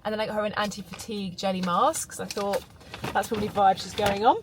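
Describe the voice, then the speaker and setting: A woman's voice: medium pitch, steady tone, quick pace, background noise. A young woman in her twenties chatting casually in a home vlog, rambling with lots of fillers. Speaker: vlogger.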